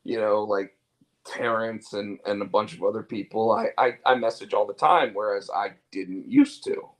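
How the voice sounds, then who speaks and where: A man with a fairly low voice co-hosts a casual talk-show podcast, speaking at a moderate pace on a rough recording. He rambles candidly, restarting sentences, repeating words and fillers, and swears freely in easy chat.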